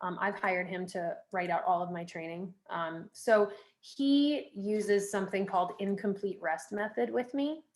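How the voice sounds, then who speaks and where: A young woman chatting as a podcast guest in a loose, conversational way. Her voice sits at a middling pitch for a woman, and she leans on fillers while handing out frank tips. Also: unhurried, few pauses, darkish tone. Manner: chatty, filler-heavy, advice-giving. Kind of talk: casual interview chat.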